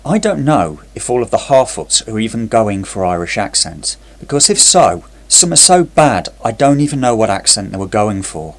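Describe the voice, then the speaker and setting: A man's voice: lowish voice, big pitch swings, normal speed, few pauses. A man narrating a scripted TV review in a sarcastic, critical way.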